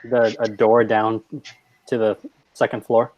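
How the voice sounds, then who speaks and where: A man's voice: lowish voice, monotone, measured pace, darkish tone, no room sound, muffled recording. A man playing in a tabletop game, joking and playful. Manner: playful, laughs often. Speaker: player. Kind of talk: casual tabletop play.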